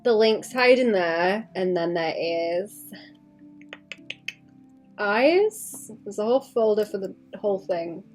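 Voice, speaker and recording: A woman's voice: medium pitch, animated, slow pace, long pauses, darkish tone, faint music behind. A woman artist on a casual livestream, rambling as she thinks aloud about her drawing and adding playful sound effects.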